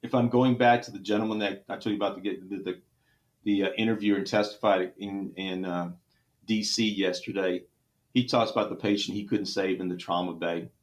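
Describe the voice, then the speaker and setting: A middle-aged man with a Texan accent and a lowish voice recounts hard cases from his work as a surgeon. He speaks earnestly, with emotion in his voice and frequent restarts. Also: fairly even intonation, brisk. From Texas. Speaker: trauma surgeon. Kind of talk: podcast interview storytelling.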